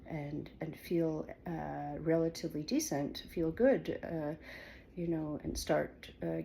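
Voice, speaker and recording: A woman's voice: fairly low pitch, creaky, warm tone, a little hiss or hum. A woman casually talking through her home kitchen in a rambling, hesitant vlog, with many fillers and restarts. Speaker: vlogger.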